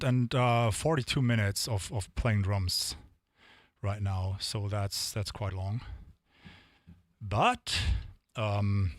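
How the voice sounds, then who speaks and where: A man's voice: mid-range voice, fairly bright tone, no echo, studio quality. A man streaming drum sessions, chatting casually and rambling to viewers between songs. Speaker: drumming live streamer.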